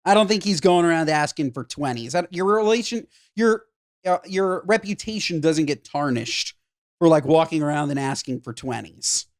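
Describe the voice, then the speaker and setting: A woman's voice: deep voice, expressive, moderate pace, a little mellow. A woman co-hosting a podcast, giving blunt, emphatic advice with rhetorical questions in casual chat. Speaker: podcast co-host.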